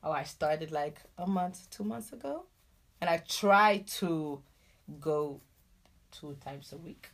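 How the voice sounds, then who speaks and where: A woman's voice: deep voice, expressive, slow. A young woman, co-hosting a casual chat, handing out firm advice with a teasing edge. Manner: teasing, gives firm advice, says "listen" a lot. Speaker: co-host.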